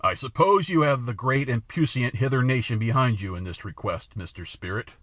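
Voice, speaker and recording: A man's voice: medium pitch, animated, moderate pace, a bit bright, no echo. A man doing a haughty, guttural alien king. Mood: mocking. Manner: guttural, scornful, menacing. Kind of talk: audiobook character voice.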